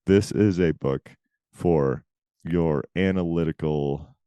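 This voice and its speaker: Podcast guy, very low voice, emphatic and chatty, dry close sound. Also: dark tone, dry recording. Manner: talkative, emphatic, quick asides. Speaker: podcast co-host. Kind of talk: casual chat.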